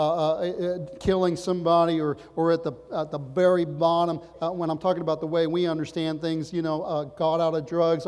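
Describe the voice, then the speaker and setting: A man preaching a sermon as pastor, impassioned, swinging from loud emphatic lines to quiet earnest ones. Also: on the high side, in a large hall.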